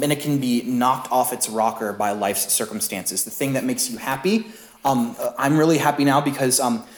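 A young adult male pastor giving a sermon in a relaxed, conversational way, with fillers, asides and jokes. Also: medium pitch. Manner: conversational, self-deprecating, many fillers and asides. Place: church sanctuary. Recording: roomy church echo.

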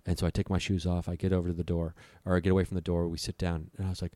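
Racing through his account with few pauses, a young storyteller guest describes a scary night in casual, profane, vivid conversation, acting out the voices of the people involved. His deep, low voice is mellow and level in tone. The audio is close and dry, with no room sound.

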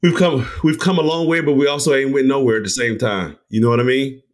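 A man hosting a casual podcast interview, reacting with quick short remarks and playful teasing. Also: medium pitch. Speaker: podcast host.

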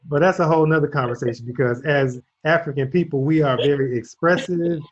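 A man's voice: a little high, a little fast. Male host, casual reflective storyteller, muffled lo-fi audio. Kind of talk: casual conversation. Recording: dull lo-fi audio.

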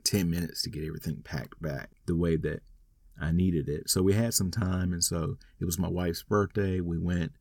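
A man's voice: deep voice, vocal fry, darkish tone, no room sound, studio quality. A man telling a rambling, wry personal story in a casual monologue. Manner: rambling, wry, self-deprecating.

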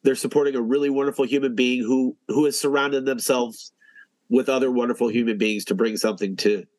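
A man's voice: medium pitch, fairly even intonation, brisk, darkish tone, no room sound, rough recording. A man hosting a casual podcast interview, talking earnestly and repeating phrases for emphasis. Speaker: podcast host.

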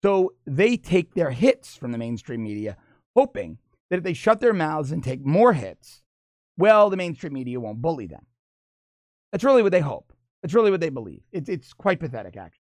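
A middle-aged political commentator delivers an opinion monologue, animated and mocking, laughing as he talks while his pitch swings widely. His voice is a bit high for a man, at normal speed. It sounds close and dry, with no echo or room around it.

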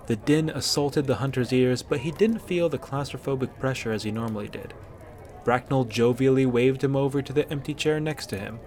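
A man reading a fantasy story aloud, with measured, storytelling delivery. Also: medium pitch. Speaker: narrator. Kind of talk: scripted audiobook narration.

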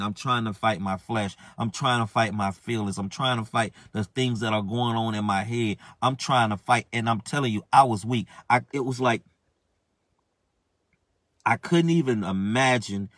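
A man giving an emotional spoken testimony, halting and repetitive, with frequent restarts and stammers. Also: mid-range voice, a bit bright, no echo, studio quality.

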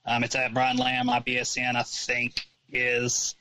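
Bright-voiced easygoing podcast guest. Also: male voice, mid-range voice, monotone, a little slow, no echo, rough recording. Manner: easygoing, hesitant with ums, explains at length. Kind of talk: casual podcast chat.

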